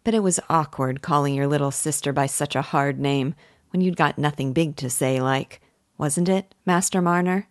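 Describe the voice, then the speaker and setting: A kindly, earnest village wife who rambles on in homely rustic speech, as a woman reading aloud puts her on. Her voice sits low and is recorded close and dry. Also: moderate pace, no room sound, close to an everyday voice. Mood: humble.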